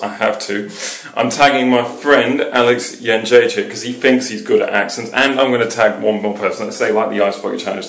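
Young english man, cheeky rambling vlog talk, mid pitch, echoey indoor room. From England. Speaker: vlogger. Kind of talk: casual joking vlog.

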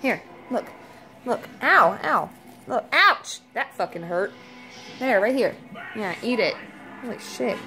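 A woman's voice: fairly high pitch, expressive, takes it slowly, pauses often, pushed and bright, faint music behind. A woman chatting casually to her cats at home, laughing, teasing and swearing as she films them. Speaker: cat owner filming her pets. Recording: noisy home video.

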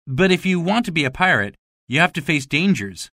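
Woman's boy voice, boastful pirate-playing kid, bright and lively. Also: low voice, a little fast, no echo, clean studio sound, exaggerated voice. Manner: swaggering, bragging. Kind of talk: storybook reading for learners.

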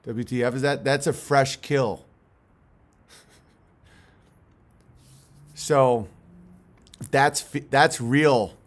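A man's voice: mid-range voice, extremely slow, long pauses. A man talks into his phone outdoors on a farm at night. He rambles and swears, cracks jokes, laughs often, and acts spooked in jest, all in his plain everyday voice. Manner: profane, joking, mock-spooked, laughs often. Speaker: livestream host. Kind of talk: casual rambling livestream talk.

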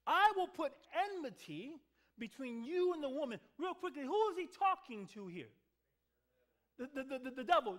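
A male pastor delivers a sermon in a church sanctuary. His voice sits very high and moves a lot, rising and falling. He keeps asking the congregation to answer back and doubles up his words for emphasis. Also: a bit bright. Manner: call-and-response with the congregation, repeats words for emphasis.

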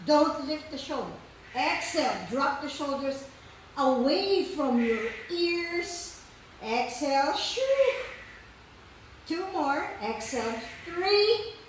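Female trainer, bright high voice, unhurried breath cues, whoops of encouragement; recorded distant in a very echoey room. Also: expressive, a little hiss or hum. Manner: counts breaths, cheers with whoops. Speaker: fitness instructor. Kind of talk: guided core workout class.

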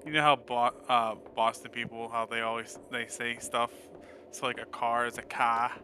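A man's voice: medium pitch, little pitch movement, normal speed, bright, forceful tone, a little hiss or hum. A young man chatting casually and with amusement, retelling a funny video. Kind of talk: casual chat.

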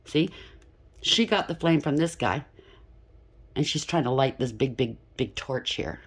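A woman with a low, husky voice gives a casual tarot reading from a room at home. She talks in an emphatic stream of thought, often pausing to ask "okay?". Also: animated. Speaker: tarot reader. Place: home room with incense burner.

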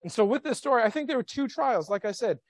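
Animated male pastor preaching. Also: extremely high pitch, fast talker, no room sound. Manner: animated, questioning the congregation. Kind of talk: sermon. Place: church sanctuary.

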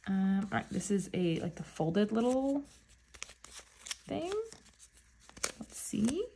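A woman vlogger unboxing albums in a casual chat, gushing and often gasping with excitement. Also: mid-range voice, slow, vocal fry, slight background noise. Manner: gushing, with frequent excited gasps.

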